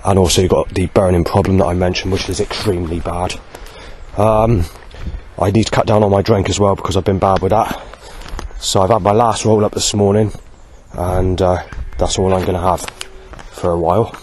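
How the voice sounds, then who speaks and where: A man talking through a rambling personal video diary, listing things one at a time with many pauses and "um"s. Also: sits low, fairly even intonation, a little mellow, slight background noise. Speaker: vlogger.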